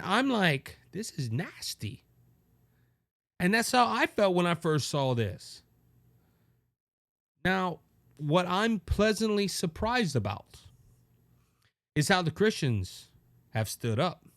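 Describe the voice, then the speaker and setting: Cajun-accented male show host, high bright voice, slow emphatic monologue with repeats and restarts. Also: sing-song, no echo, clean studio sound. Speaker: podcast host. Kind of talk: opinion monologue.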